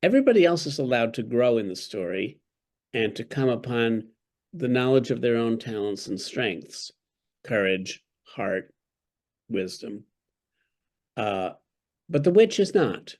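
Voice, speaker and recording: A man's voice: medium pitch, sing-song, a little slow, pauses often, a little mellow. A man who is an author and a podcast guest, telling stories in an articulate, wry way during an interview. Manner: articulate, wry, storytelling, with chuckles.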